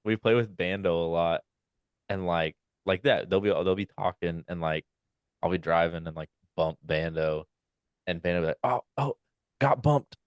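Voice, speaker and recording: A young man co-hosting a casual podcast, telling animated stories and acting out quotes in high loud voices. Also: normal speed, clean tone, no room sound, studio quality. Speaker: podcast co-host. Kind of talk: casual chat.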